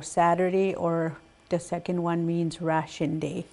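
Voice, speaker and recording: An older woman gives a language lesson in a slow, careful voice. She sits a little low in pitch and says each word twice before she explains it. Her delivery is patient and unhurried. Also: level tone, darkish tone. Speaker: Cree language teacher.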